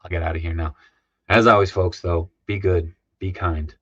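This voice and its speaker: A man's voice: low voice, fairly even intonation, normal speed, a bit bright, dry recording. Man on a livestream, losing his voice. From Minnesota. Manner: rambling, lots of ums and uhs. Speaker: livestream host. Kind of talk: casual livestream sign-off chat. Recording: dull lo-fi dry sound.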